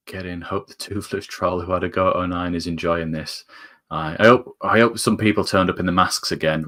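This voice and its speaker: Talking a little fast in a fairly low, pushed, bright voice, a man with a northern English accent jokes his way through live fan commentary of a football game. He's chatty, and his pitch shoots up as the play heats up.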